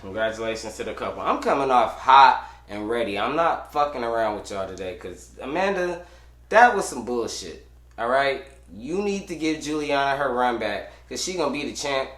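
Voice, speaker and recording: A man hosting a podcast from a studio, ranting about fights in a brash, profane way, shouting at times and muttering at others. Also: mid-range voice, lively intonation, moderate pace, reverberant. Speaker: podcast host. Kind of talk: loud casual sports rant.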